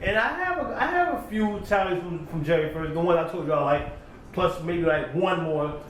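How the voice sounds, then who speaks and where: A man's voice: fairly high pitch, lively intonation, normal speed. A man giving a laid-back commentary recap, repeating his praise, at home by his computer. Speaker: battle rap reviewer. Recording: roomy echo, distant mic, faint background hum.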